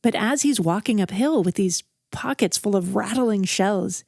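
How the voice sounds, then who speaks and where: A woman's voice: mid-range voice, measured pace, creaky, darkish tone, dry recording, clean studio sound. A woman narrating a true story in a casual, vivid, conversational way, building suspense as she goes. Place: outdoors around a campfire.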